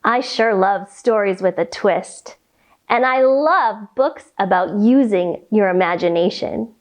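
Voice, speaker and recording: A woman reading a picture book aloud and leading children through yoga poses in a slow, sing-song, animated way. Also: medium pitch. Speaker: kids' yoga teacher reading a story. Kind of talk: storytime yoga lesson for children.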